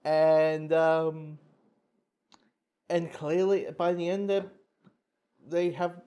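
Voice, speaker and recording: A man talks through a comic book review in a loose, unscripted way, circling back and restarting his sentences often. His voice sits a little higher than most men's, and he swears freely and chuckles at his own reactions. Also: fairly even intonation, drawn-out words, warm tone, clean tone, dull audio. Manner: rambling, many restarts, swears, laughs at himself. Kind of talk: casual spoken review.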